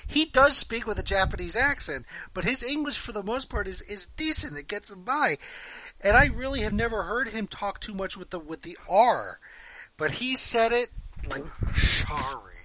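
A man hosting a casual podcast, telling stories in an animated way and laughing easily. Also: high-pitched, normal speed, low-quality recording. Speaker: podcast host. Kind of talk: casual chat about wrestling.

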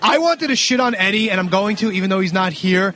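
A man with a very high voice tears through a recap, swearing constantly. He gets excited and loud as he acts out what people said. The talk is casual and fast-moving. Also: faint music behind. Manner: profane, excitable, acts out quotes loudly. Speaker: podcast co-host recapping wrestling. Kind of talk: casual chat.

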